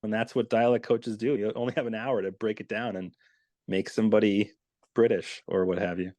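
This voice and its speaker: A man's voice: lowish voice, fairly even intonation, a little fast, a little mellow, dry recording. A man talking as a dialect coach guest in a casual interview, explaining with enthusiasm.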